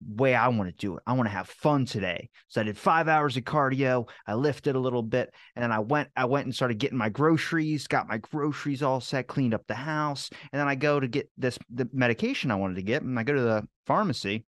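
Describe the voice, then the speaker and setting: Fast-talking man telling rambling stories. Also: medium pitch, a bit bright, no room sound, studio quality. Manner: rambling anecdotes, quick restarts, casual swearing. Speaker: podcast guest. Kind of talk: casual storytelling chat.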